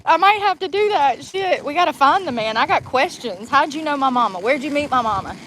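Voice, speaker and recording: A woman's voice: sits high, lively intonation, a little fast, a bit bright, slight background noise, poor audio. A woman in her forties chatting casually while driving, rambling and laughing through her words. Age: 40s. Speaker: vlogger. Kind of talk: casual chat.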